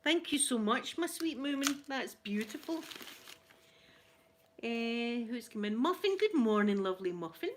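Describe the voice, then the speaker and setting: A Scottish woman chatting through a gift unboxing at home, gushing and laughing easily, slipping between soft near-whispers and excited exclamations. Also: fairly high pitch, unhurried, a little hiss or hum. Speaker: ASMR vlogger. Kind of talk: casual unboxing chat.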